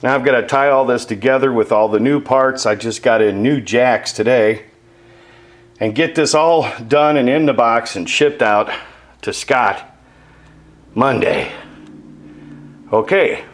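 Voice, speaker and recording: A model maker chats casually while explaining his model-building work, self-deprecating and explanatory in this relaxed workshop narration. His medium-pitched voice is a little slow and pauses often.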